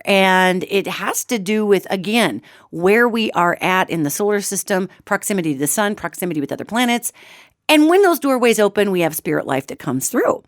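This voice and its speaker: A woman hosting a podcast in a chatty, digressive and playful way, her soprano voice sitting lower than usual after losing it for a while. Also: no room sound, studio quality. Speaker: podcast host. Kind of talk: casual spiritual radio talk.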